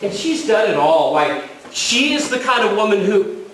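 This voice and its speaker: A man's voice: sits high, sing-song, normal speed, fairly bright tone. A man acting a fussy, tearful newly divorced man in a stage comedy, heard from far off in a roomy theater. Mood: wistful. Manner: mournful, sighing, apologetic. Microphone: distant audience recording. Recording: roomy hall from far off, faint noise.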